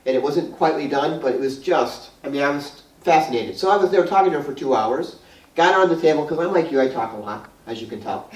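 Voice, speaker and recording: A man with a New York accent telling a long, animated story to a small group, rambling with restarts and laughter. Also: a little high, fast talker. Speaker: guest speaker. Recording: roomy hall, mic far off.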